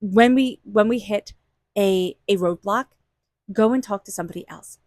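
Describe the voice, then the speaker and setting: A woman's voice: medium pitch, normal speed, a little mellow, dry recording. A woman giving a casual, reassuring tarot reading, repeating phrases for emphasis. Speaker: tarot reader.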